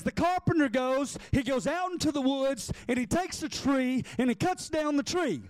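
Male preacher, very high voice, emphatic drawn-out sermon delivery. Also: no room sound, low-quality recording. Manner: emphatic, repetitive preaching cadence with drawn-out phrases.

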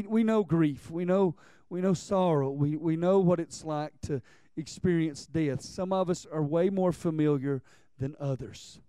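High, smooth-voiced impassioned male preacher. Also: dark tone, dry recording, clean studio sound. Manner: impassioned, repeats words and phrases. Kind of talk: sermon.

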